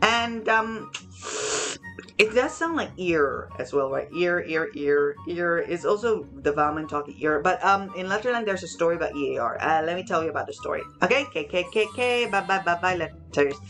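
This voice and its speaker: A young woman with a Hong Kong accent, teaching phonics to children in a lively, expressive way, often repeating words. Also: fairly low pitch, normal speed, faint music behind. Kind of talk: lively teaching talk for kids.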